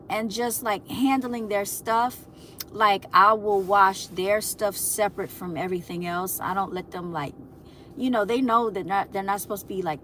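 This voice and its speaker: A chatty woman talks casually to her viewers, laughing often and calling them y'all. Her pitch sits in an ordinary middle range. A faint hiss of background noise stays under her voice. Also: fairly bright tone. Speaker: livestream host.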